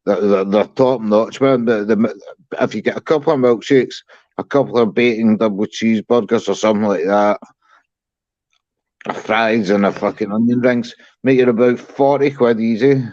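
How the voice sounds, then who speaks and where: A man chatting casually on a livestream, relaxed, repeating words and swearing now and then. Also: fairly low pitch, normal speed, no echo. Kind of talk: casual chat. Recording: dry muffled lo-fi sound.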